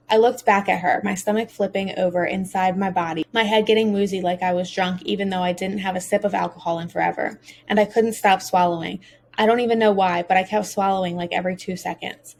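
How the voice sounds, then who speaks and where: A woman's voice: medium pitch, gravelly, a little hiss or hum. A woman narrating a first-person audiobook as a teenage boy, earnest and emotional.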